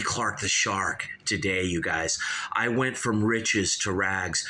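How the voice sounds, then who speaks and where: A man with a fairly low but bright, forceful voice hosts his own show and gushes through an album review. He rambles and swears, and he keeps coming back to "you guys" and "dude". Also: slow, vocal fry. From California. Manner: excitable, profane, repeats "you guys" and "dude".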